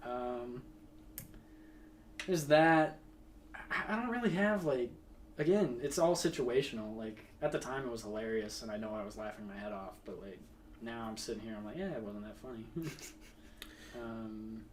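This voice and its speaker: A man's voice: medium pitch, normal speed, pauses often, slight background noise. A young man telling a rambling, laughing story in casual chat, swearing freely.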